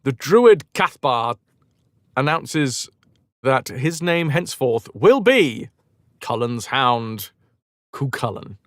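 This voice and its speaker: A man's voice: medium pitch, takes it slowly, pauses often, no room sound, clean studio sound. A man streaming who retells a legend casually, with profane jokes and asides. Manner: animated, profane, jokey asides.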